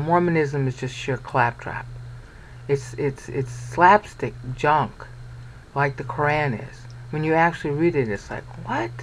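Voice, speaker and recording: A man's voice: medium pitch, slight background noise, rough recording. A man teaching a Bible study over a shared screen, blunt and sarcastic, pointing things out and checking in with "okay".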